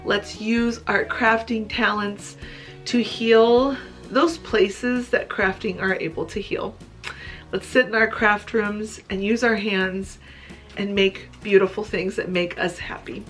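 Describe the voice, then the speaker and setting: A woman's voice: mid-range voice, fairly even intonation, normal speed, fairly bright tone, soft background music. A woman crafting vlogger talking to her viewers in a heartfelt personal update, earnest and emotional. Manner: earnest, emotional, tearful at times. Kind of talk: heartfelt personal vlog talk.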